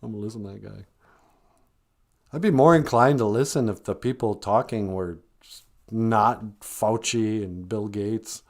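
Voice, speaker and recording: A man's voice: fairly low pitch, a little slow. Dry sarcastic male podcast host. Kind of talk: comedic podcast monologue.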